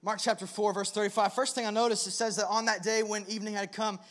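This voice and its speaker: A man's voice: sits high, steady tone, fast, fairly bright tone. A young man preaching a conversational sermon, telling a story with self-deprecating humor before turning earnest and reassuring. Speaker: pastor.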